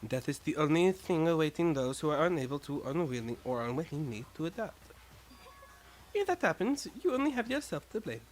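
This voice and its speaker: A man's voice: a little high, sing-song, a little fast, rough recording. A man voicing a cold, arrogant rich young man who lectures the others in a haughty tone. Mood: lecturing.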